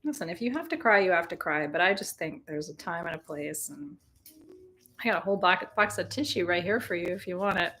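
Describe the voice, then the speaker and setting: A woman's voice: lowish voice, animated, a little fast, a bit bright. Chatty woman leading a live moon ritual. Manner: chatty, joking, laughs often, talks to viewers directly. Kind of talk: casual live-stream talk. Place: indoors, burning sage.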